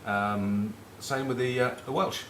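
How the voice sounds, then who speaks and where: Speaking a little slowly in a steady, mid-range voice with a slightly bright tone, a middle-aged northern English man with a Northern English accent chats casually about rugby. As a former captain, he rambles through cheeky, sweary match talk and anecdotes. There's reverb and slight background noise.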